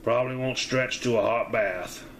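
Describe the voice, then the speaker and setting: A man's voice: mid-range voice, normal speed, fairly bright tone, slight background noise, lightly acted, low-quality recording. A man voicing a blunt, laconic, weary male coach driver in a tabletop game. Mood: grumbling.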